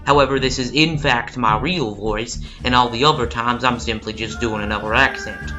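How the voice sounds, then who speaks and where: A man's voice: medium pitch, steady tone, normal speed, over music, poor audio. A man with a put-on American cowboy drawl, giving a jokey, mock-serious comedic prediction. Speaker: video commentator.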